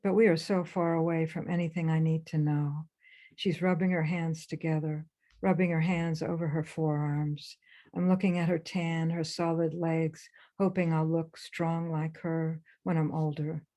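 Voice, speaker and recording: A woman author reading her own memoir aloud for a webinar, in a measured, intense first-person delivery. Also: low voice, flat delivery, dark tone. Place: remote webinar.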